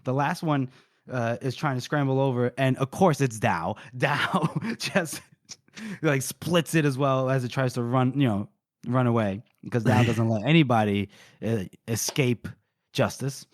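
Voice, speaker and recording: A male podcast co-host retells a book chapter in casual, lively chat. He gets excited and rushes his narration whenever a fight comes up. The close mic sounds dry, with no room echo. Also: mid-range voice. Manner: excitable, narrates battles fast and acts out characters' lines.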